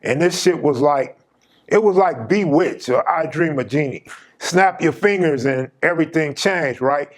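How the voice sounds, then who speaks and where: A man's voice: a little high, a little slow. A man hosting his channel, casually telling a personal story in an emphatic, slang-heavy way.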